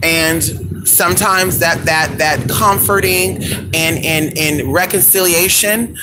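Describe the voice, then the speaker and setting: This vlogger speaks slowly in a voice on the high side with fairly even intonation, chatting live from his car at a gas station. Sassy and profane, he addresses viewers as "honey" and complains he's losing his voice; the noisy phone recording catches car and traffic noise.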